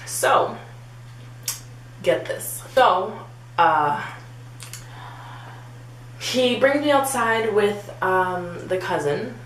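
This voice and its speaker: Young woman telling an animated story. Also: mid-range voice, drawn-out words, long pauses. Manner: animated, acts out quotes, many "like" fillers. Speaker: vlogger. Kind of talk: storytime vlog. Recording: echoey room with faint hum.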